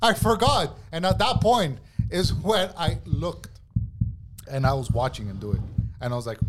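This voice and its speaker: Animated man telling a story. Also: a little high, normal speed, background noise. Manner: animated, swears, says bro a lot. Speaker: podcast guest telling a story. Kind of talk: casual storytelling.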